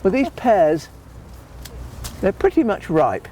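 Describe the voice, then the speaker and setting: A man's voice: sits high, wildly swooping pitch, slow pace, dark tone, slight background noise. Chatty man showing fruit picking outdoors. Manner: chatty, homely, rambling with restarts. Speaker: gardening show presenter. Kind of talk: friendly practical demonstration. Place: outdoor vegetable garden.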